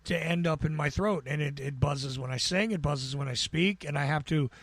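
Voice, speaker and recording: An American man with a gravelly, buzzing voice, chatting casually as a podcast guest and rambling with stammered restarts. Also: a little high, normal speed, no echo. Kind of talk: casual chat.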